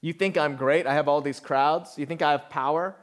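A man voicing a humble, fervent ancient male prophet in an intense, self-lowering way. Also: fairly even intonation, fairly quick, lightly acted.

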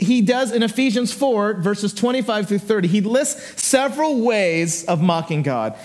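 A man's voice: high voice, a little mellow. A middle-aged man preaching a sermon as a pastor in a church, telling stories with playful asides and acting out voices. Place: church sanctuary.

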